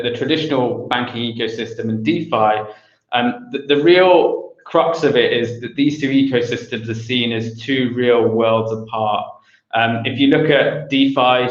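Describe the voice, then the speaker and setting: A man giving an online conference presentation, hesitant with many fillers and restarts, on a video call mic with roomy, dull audio. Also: medium pitch. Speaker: conference speaker.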